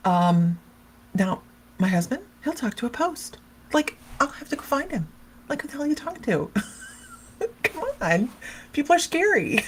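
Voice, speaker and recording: A woman's voice: on the low side, husky. A woman psychic medium hosting a casual livestream, chatting and rambling, laughing often and talking straight to viewers by name as she reads their comments.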